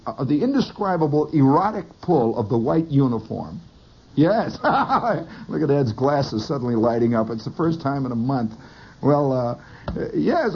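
A man telling a rambling comic story in an animated, digressive way, on a lo-fi recording. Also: a little high, slight background noise. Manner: animated, digressive, bursts of laughter.

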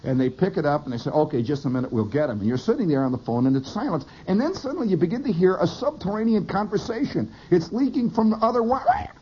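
A man telling a rambling comic story in an animated, digressive way, on a lo-fi recording. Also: high voice, fast talker, hardly any pauses, a little hiss or hum. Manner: animated, digressive, bursts of laughter.

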